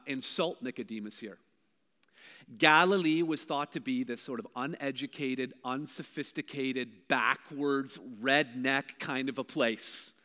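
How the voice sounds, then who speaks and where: A man from Canada preaching a sermon, animated, his delivery swinging between loud, emphatic lines and hushed ones. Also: on the high side. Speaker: pastor. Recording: long hall reverb.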